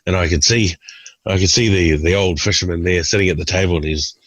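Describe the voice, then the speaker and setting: A man in his forties, a stand-up comedian, telling anecdotes in an animated way as a guest. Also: low voice, fairly quick, dry recording, rough recording. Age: 40s. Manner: animated, does voices for characters. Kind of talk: storytelling anecdotes.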